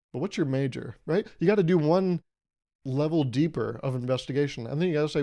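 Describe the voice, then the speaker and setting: A man's voice: fairly high pitch, fast, mellow. A young man hosting a solo podcast, riffing in a wry, rambling way and acting out little scenes. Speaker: podcast host. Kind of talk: solo comedic monologue.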